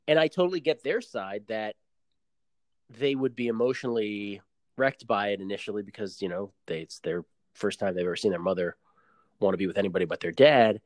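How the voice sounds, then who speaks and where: Recapping a reality show on a podcast, this male co-host keeps things casual and playful, pressing his arguments through rhetorical questions. He speaks briskly in a lowish voice, and there's no room sound.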